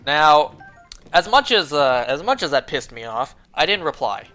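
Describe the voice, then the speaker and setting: A man's voice: a little high, big pitch swings, moderate pace, pushed and bright, faint music behind. A young man streaming a game, telling a rambling, profane story in casual chat, full of fillers. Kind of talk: casual chat while gaming.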